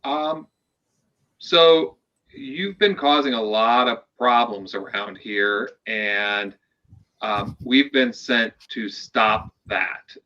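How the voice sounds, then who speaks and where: A man playing his character at a tabletop game, speaking slowly and hesitantly with many fillers. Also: medium pitch, bright, forceful tone, dull audio. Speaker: player.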